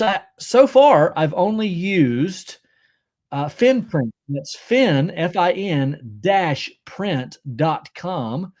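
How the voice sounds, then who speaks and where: A man's voice: a little high, very animated, takes it slowly, a little mellow. Chummy man hosting a livestream. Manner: joking, chummy, reads out viewer comments. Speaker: livestream host. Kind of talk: casual livestream chat. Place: at home.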